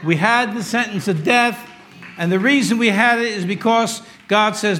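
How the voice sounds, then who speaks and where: A man in his sixties preaching a sermon in a conversational way, with wry humor, moving between loud emphasis and quiet asides. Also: sits high, normal speed. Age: 60s. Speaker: pastor.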